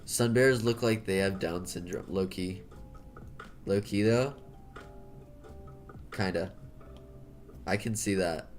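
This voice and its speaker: A deep-voiced American man from the United States speaks slowly and pauses often as he chats casually while drawing. He rambles, jokes, and corrects himself, over soft background music.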